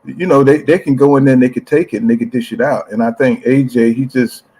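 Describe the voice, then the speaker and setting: Husky man in slangy boxing talk. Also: medium pitch, fairly even intonation, fast, mellow, poor audio. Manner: slangy, repeats "you know what I'm saying". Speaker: reads out viewer comments. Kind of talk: casual chat.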